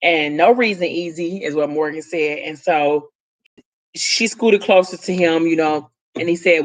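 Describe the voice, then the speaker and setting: A vlogger speaking straight to viewers, retelling a story in a loose, chatty way. The talk wanders, with fillers and side comments along the way. The voice sits at an ordinary middle pitch. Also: unhurried. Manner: rambling, loose retelling with many fillers and asides. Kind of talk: casual story recap to viewers.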